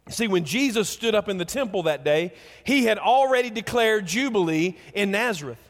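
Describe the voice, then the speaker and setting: Man, pastor, sermon, earnest, stacking repeated phrases, high-pitched, lingering hall reverb. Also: lively intonation, normal speed. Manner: earnest, repeats words while building emphasis.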